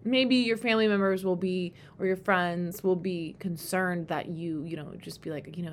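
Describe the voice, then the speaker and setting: A woman hosting a solo podcast, talking candidly and rambling, swearing freely and getting animated when she quotes herself. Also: moderate pace, hardly any pauses. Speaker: podcast host. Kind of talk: casual solo podcast monologue. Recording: faint background rumble.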